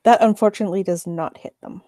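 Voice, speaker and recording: A woman running a tabletop game as game master, giving calm, measured rulings. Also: mid-range voice, no room sound.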